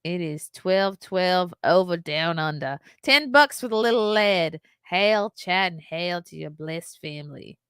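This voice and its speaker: A woman's voice: lowish voice, animated, unhurried, few pauses, a bit bright, clear, resonant tone, no room sound, clean studio sound. A woman reading a viewer's message in a put-on Australian accent, exaggerated and sing-song. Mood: cheery. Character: hearty, cheery Australian bloke-style greeter.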